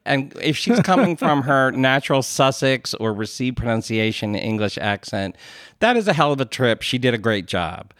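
A man's voice: mid-range voice, big pitch swings, normal speed, a bit bright, no room sound, clean studio sound. Chatty man with a Philly accent. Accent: Philadelphia. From Philadelphia area. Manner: chatty, self-deprecating, rambling asides. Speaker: podcast co-host. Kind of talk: casual podcast chat. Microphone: podcast studio mic.

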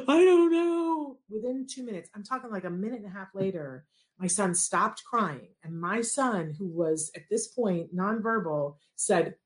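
A woman telling a personal story as a parent, animated and acting out the quoted dialogue. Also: lowish voice.

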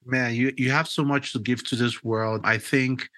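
Excitable Nigerian man hosting a podcast. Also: medium pitch, moderate pace. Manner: excitable, emphatic, repeats words. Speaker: podcast host. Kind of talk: casual interview chat.

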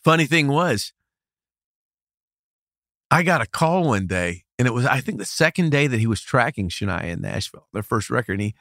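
Laughing readily and often starting his sentences over, a middle-aged American record producer tells animated stories during a casual interview. The studio-quality recording has no room sound; his pitch is medium and his pace moderate.

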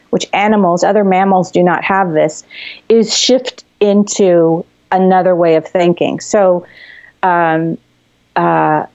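A woman therapist on an interview, explaining calming techniques in a gentle, explanatory way with frequent fillers and restarts. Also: medium pitch, muffled recording. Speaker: therapist guest. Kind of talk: conversational teaching.

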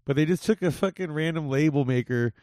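A man's voice: on the high side, brisk, darkish tone, no room sound, studio quality. A young man hosting a podcast in casual chat, laid-back and profane, calling his guest dude. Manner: laid-back, swears a lot, says dude often. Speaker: podcast host. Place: home in Las Vegas.

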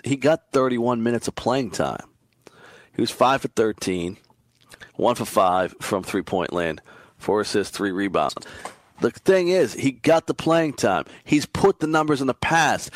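A man talking through his daily fantasy basketball picks in an excitable, emphatic way. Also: dry recording. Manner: excitable, emphatic, frequent pitch jumps. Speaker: fantasy sports analyst.

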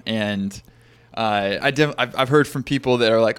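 Man from arizona, mid-pitched voice, casual podcast chat, laughs easily, restarts sentences. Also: fairly even intonation, moderate pace, fairly bright tone, clean tone.

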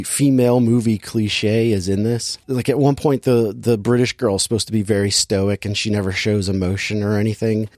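A man's voice: lowish voice, a little mellow, no room sound, studio quality. A man hosting a casual movie review chat, exasperated and sarcastic, acting out lines from the film. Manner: exasperated, sarcastic, acts out quotes. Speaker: movie podcast host.

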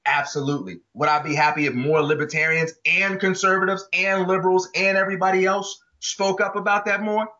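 A man's voice: high voice, steady tone, brisk, few pauses, bright, forceful tone. A man co-hosting a podcast, arguing his views in passionate, emphatic casual talk. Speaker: podcast co-host. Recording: dull lo-fi audio.

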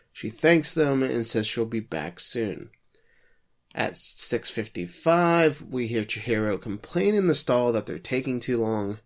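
A man co-hosting a podcast, recapping episode plots in a casual, sardonic way with jokey asides. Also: medium pitch. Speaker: podcast co-host recapping an anime. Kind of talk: casual chat.

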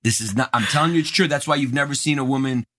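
A man's voice: mid-range voice, racing, pushed and bright. A man co-hosting a podcast in casual chat, joking and teasing his co-host. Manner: joking, puts on silly voices and teasing bits.

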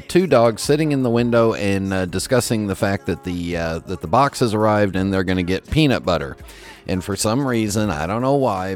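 Male podcast host, low voice, casual rambling talk, fillers. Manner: rambling, many "uh" fillers, chuckles to himself.

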